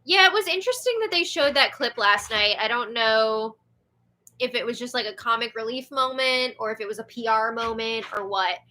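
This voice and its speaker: A woman's voice: on the high side, moderate pace, bright, forceful tone. A young woman hosting a livestream and reading viewer comments in a chatty, giggly way, with a sore throat. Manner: chatty, giggly, filler-heavy. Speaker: show host.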